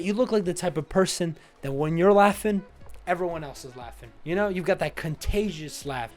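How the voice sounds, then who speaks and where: A young man from the United States, casually roasting friends' photos in a chatty, teasing way. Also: a little high. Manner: teasing, chatty, full of "you know"s. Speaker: comedic tier list host. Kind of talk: casual comedic commentary.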